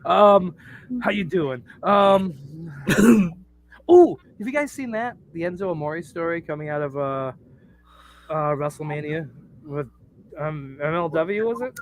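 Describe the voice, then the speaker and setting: A man's voice: fairly high pitch, expressive, unhurried, long pauses, slight background noise. Crude, joking man telling stories on a podcast. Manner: crude, joking storyteller who laughs at his own stories. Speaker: podcast co-host. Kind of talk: casual chat.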